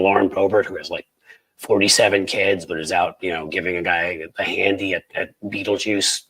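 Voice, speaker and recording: A man from the United States hosts a casual political livestream, rambling through viewer comments with angry sarcasm. His voice sits very low and sounds husky. He talks with plenty of fillers and restarts. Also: fairly bright tone, rough recording.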